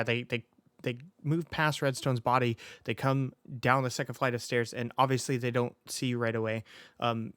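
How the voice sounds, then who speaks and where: Man, game master, hesitant narration, smooth tone, dry close sound. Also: mid-range voice, fairly bright tone, no room sound. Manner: hesitant, many ums and restarts.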